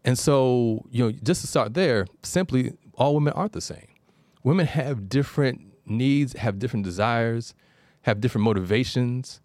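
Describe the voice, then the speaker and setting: A man's voice: mid-range voice, normal speed, darkish tone, no room sound. A man hosting an advice show, talking casually and telling stories with digressions. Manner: conversational storyteller, digressive. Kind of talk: casual call-in advice talk.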